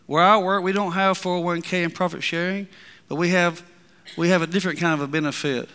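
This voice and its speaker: A man preaching in a church hall, his high, bright voice ringing clear. He swings from emphatic, rising declarations to low, confiding asides. A long reverb trails behind his words. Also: steady tone, fairly quick. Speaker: pastor. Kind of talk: sermon.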